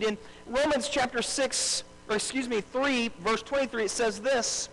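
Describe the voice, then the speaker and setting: High-voiced male pastor preaching. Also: fairly even intonation, a little slow, few pauses, fairly bright tone, slight background noise, low-quality recording. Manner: calls out to the congregation and asks for responses; repeats key phrases for emphasis. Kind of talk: live sermon. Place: church service before a congregation.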